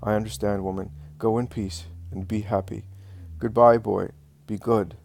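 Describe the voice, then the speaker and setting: A man reading a gentle, solemn healer. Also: fairly low pitch, little pitch movement, normal speed, gravelly, slight background noise. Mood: tender. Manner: soft and tender, then commanding.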